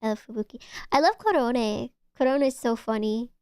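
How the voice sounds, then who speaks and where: A woman's voice: a little high, normal speed, darkish tone, clean tone, no room sound, studio quality. A woman streamer chatting casually with her viewers, gushing and often stumbling over her words. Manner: chatty, stammering restarts, gushing. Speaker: VTuber streamer. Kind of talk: casual chat with live chat.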